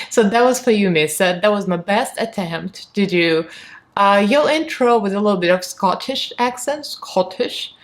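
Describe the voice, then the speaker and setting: A woman's voice: medium pitch, expressive, moderate pace. A woman with a Russian accent talks straight to camera as a beauty vlogger, candid and chatty. She laughs easily and slips into acting out little conversations as she tells a story. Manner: chatty and candid, laughs often, acts out what people said. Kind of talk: casual chat to camera.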